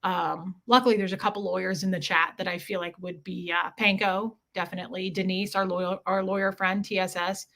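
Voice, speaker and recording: A woman's voice: on the low side, little pitch movement, a little fast, vocal fry, few pauses, a bit bright. A woman hosting a casual livestream, telling stories in a chatty way and acting out the dialogue as she goes. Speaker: livestream host.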